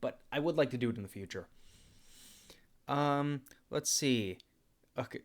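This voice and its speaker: A young man in a casual livestream Q&A, chatting at an easy, laid-back pace. His delivery is loose and relaxed, with plenty of "uh"s as he works through questions. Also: mid-range voice, unhurried. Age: young adult. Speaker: YouTuber and comic dubber.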